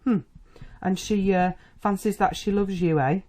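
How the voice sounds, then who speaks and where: A reader doing a gruff, testy old country doctor. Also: medium pitch, fairly even intonation, measured pace, mellow, voice pushed up, lightly acted. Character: stern worried old country doctor, a father.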